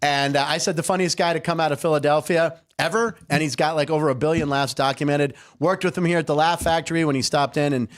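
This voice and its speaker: A man's voice: fairly high pitch, fast talker, hardly any pauses. A man hosting a casual comedy sports podcast, laughing often and telling stories with energy. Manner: laughs often, animated storytelling. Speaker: host.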